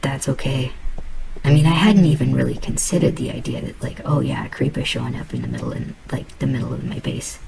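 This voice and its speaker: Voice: mid-range voice, a little fast, creaky, very noisy. A host giving casual, rambling commentary while playing a video game, musing aloud in a put-on accent. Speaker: let's play host.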